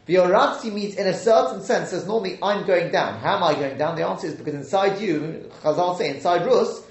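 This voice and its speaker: Leading a live Torah class, a man brings quoted speakers to life and often stops mid-sentence to correct himself, keeping the energy lively. His voice sits high and he talks fairly quickly, with a roomy echo around him.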